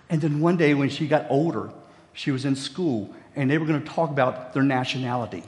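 A man's voice: medium pitch, a little fast, darkish tone, long reverb tail. A middle-aged man from Virginia, preaching a sermon in a folksy storytelling way with jokey asides. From West Virginia, USA. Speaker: pastor.

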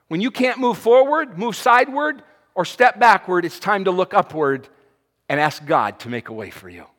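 A male pastor preaching a sermon with passion, swinging between loud cries and hushed, quiet passages. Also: high voice, animated, moderate pace. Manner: impassioned, swings from shouting to hushed. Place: church sanctuary. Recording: long hall reverb.

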